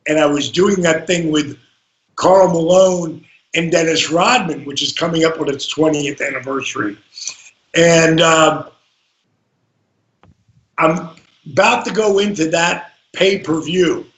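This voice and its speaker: High-voiced man telling stories in an echoey room. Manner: acts out quotes, swings between hushed and shouted. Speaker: guest, former pro wrestler. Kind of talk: animated storytelling in a podcast. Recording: roomy echo.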